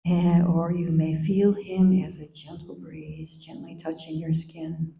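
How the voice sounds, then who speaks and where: An older woman speaks at a memorial in a slow, tender, mellow voice. Her voice rings with echo off the hall, and the recording sounds a little dull. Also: low-pitched, little pitch movement, vocal fry. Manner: slow, gentle and tender, sometimes singing softly. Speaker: mother giving a eulogy. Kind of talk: memorial speech.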